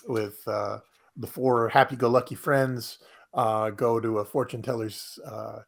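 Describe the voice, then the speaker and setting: A man co-hosting a casual podcast, recapping a comedy sketch with many pauses and fillers. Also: mid-range voice, fairly even intonation, gravelly. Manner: hesitant, lots of fillers. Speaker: podcast co-host. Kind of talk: casual chat.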